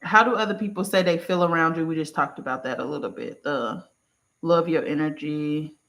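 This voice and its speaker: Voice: mid-range voice, brisk. Chatty, affectionate spiritual reader. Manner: affectionate, uses terms of endearment; relaxed, chatty, informal. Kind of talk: casual one-on-one reading session.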